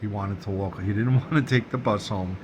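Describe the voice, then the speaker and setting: A man's voice: fairly low pitch, fairly quick, background noise. A man casually telling a long story for his vlog. He rambles, repeats himself, swears freely and laughs as he talks. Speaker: vlogger. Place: dining room at home.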